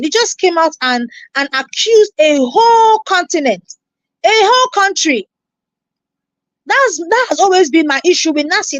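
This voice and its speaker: A woman's voice: extremely high pitch, no room sound. A woman with a Nigerian accent reacting on a live stream, scolding and repeating herself as she greets viewers.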